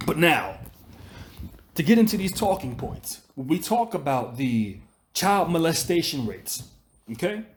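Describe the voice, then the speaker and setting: A man's voice: a little high, very animated, a little slow. A man hosting a commentary channel, delivering a profane, scolding rant that circles back on itself and repeats his points. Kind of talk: ranting commentary monologue.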